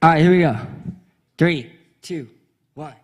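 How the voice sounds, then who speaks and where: A male pastor giving a lively, playful sermon, leading his congregation in a meowing game before telling a story. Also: fairly high pitch, measured pace, a little hiss or hum. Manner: playful, energetic, leads the crowd in a meowing game. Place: church sanctuary before a congregation.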